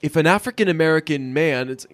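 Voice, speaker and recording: A man's voice: on the high side, quick pace, no echo. A man co-hosting a casual comedy podcast, rambling and joking as he reads headlines aloud. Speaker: podcast co-host. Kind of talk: casual chat.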